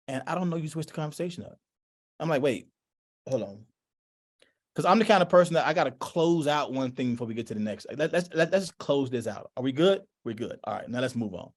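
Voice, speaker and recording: A man leading a parenting workshop, talking in loose, animated thoughts and acting out quotes as he answers questions. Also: on the high side. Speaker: workshop presenter. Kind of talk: lively workshop talk. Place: workshop room.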